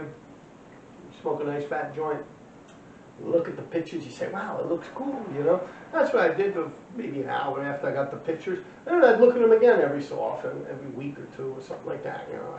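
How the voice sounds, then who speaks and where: A man's voice: on the high side, a little mellow, slight background noise. A man telling old stories in a loose, rambling way, swearing bluntly and full of slang. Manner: loose and rambling, many fillers. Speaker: former graffiti writer telling his story. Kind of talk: casual storytelling monologue. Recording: dull, roomy, distant recording.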